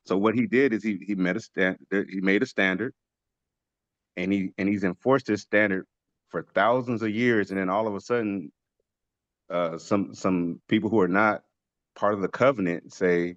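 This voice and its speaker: A man's voice: fairly low pitch, fairly even intonation, normal speed, dry recording, lo-fi sound. A man leading a casual religious study discussion, making his points emphatically and asking rhetorical questions. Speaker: teacher of a religious study group.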